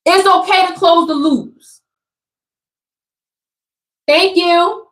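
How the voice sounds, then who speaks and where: A young woman delivers a spiritual pep talk in a high, bright-pitched voice. She talks casually but builds emphasis through repetition, like a preacher working a crowd. Her voice rings out in an echoey room. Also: extremely slow. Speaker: spiritual content creator.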